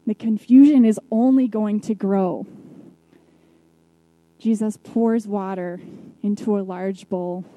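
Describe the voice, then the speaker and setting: A woman preacher retelling a Bible story in a sermon, reflective, with soft hushed drops at key moments. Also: mid-range voice, dry recording, poor audio.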